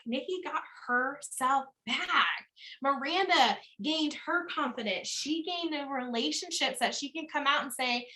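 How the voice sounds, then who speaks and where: A woman's voice: high-pitched, measured pace, sharp tone. A woman hosting a recognition event on a video call, gushing and effusive in casual chat. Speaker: host.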